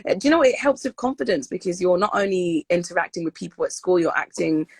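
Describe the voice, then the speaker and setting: A woman's voice: fairly low pitch, expressive, fast, husky, no echo. A young woman, a guest in a casual interview, talking in an upbeat, loose way with many fillers and repeated words. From United Kingdom.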